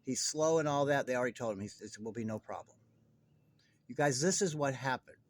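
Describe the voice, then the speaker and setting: A man's voice: medium pitch, lively intonation, fairly quick. A man delivering a heated true-crime monologue straight to his viewers, agitated, profane and rambling. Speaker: online commentator.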